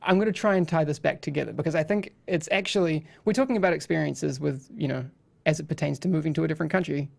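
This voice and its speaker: Male podcast host, gravelly tone, chatty anecdotal delivery with restarts. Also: on the high side, fast talker, hardly any pauses. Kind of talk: casual podcast chat.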